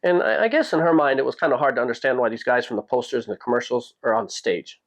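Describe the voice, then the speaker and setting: A man hosting a podcast, telling a personal story in a casual, animated way and jumping his pitch up when he quotes people. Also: quick pace. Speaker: podcast host.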